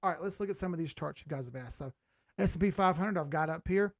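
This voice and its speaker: A man hosting a live crypto chart stream, chatting casually as he reads out viewer comments, blunt and quick to swear, often laughing. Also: a little high, no room sound, clean studio sound.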